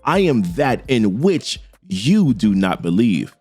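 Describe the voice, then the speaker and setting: Voiced by a man reading a comic, an ancient goddess speaks slowly and with measured calm, patient and commanding. The pitch still moves with life, and faint music plays under. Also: slightly rough, exaggerated voice. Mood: solemn.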